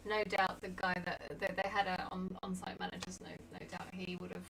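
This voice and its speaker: A woman's voice: on the low side, flat delivery, fairly quick, fairly bright tone. A woman with an English accent co-hosting a casual chat, talking in an easygoing, rambling way. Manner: easygoing, rambling, laughs easily. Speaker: co-host of a dance channel Q&A. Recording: distant mic with background noise.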